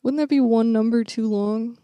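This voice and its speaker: A woman's voice: on the high side, moderate pace, mellow, smooth, no room sound. A young woman co-hosting a podcast in casual chat, joking and laughing often. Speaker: podcast co-host.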